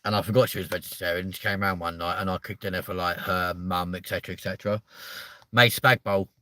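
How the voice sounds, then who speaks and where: A man's voice: sits low, steady tone, fast talker, pushed and bright, dry recording. A young man, chatting casually to viewers on a live stream, rambling and swearing his way through stories.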